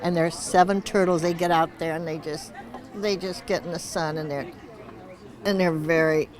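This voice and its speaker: A woman's voice: fairly low pitch, fairly even intonation, normal speed, a faint crowd. A woman in her eighties answering a red-carpet interview, rambling and joking with frequent chuckles. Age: 80s. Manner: wandering, searches for words. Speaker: award honoree being interviewed.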